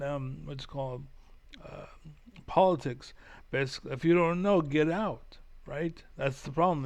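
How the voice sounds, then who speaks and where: A man's voice: fairly high pitch, clean tone. A man ranting casually while reacting to political videos, rambling and profane, full of fillers and restarts. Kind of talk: casual rant.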